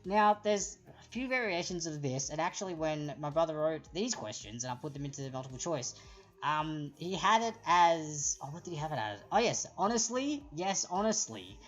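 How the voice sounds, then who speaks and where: A woman's voice: sits low, normal speed, faint music behind. An Australian woman hosting a live-streamed trivia quiz, chatty and explanatory as she reads out the answer options. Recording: dull lo-fi stream audio.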